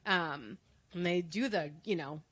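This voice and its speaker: A woman's voice: lowish voice, unhurried, fairly bright tone, breathy edge. A woman co-hosting a podcast in casual chat, conversational and laughing easily, often adding "right?". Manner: conversational, laughs easily, frequent tag questions. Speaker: podcast producer and co-host.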